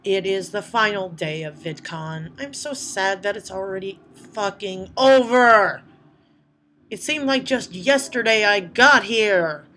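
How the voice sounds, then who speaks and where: A woman chatting casually to her vlog audience, swearing a lot as she tells animated stories. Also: medium pitch, slow, slight background noise. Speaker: vlogger. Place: indoors at night.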